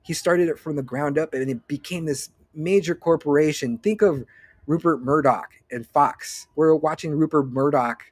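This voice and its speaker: A man's voice: on the high side, moderate pace, breathy edge, no echo. A man around forty hosting a casual solo podcast update, rambling, swearing freely and often breaking off mid-sentence. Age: late 30s to early 40s. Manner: rambling, profane, self-interrupting. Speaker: podcast host.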